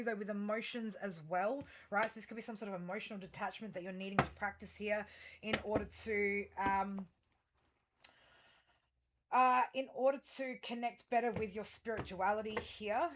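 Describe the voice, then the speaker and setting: A woman's voice: medium pitch, very noisy. A woman giving a tarot reading to her viewers, rambling through fillers and restarts and turning blunt and emphatic, with plenty of swearing. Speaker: tarot reader.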